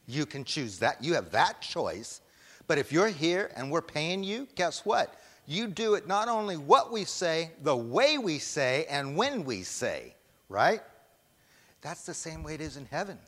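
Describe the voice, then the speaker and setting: This man's sermon is forceful, and he keeps putting questions to the congregation and waiting to hear them answer. He speaks on the high side with a fairly bright tone, in a space with long hall reverb.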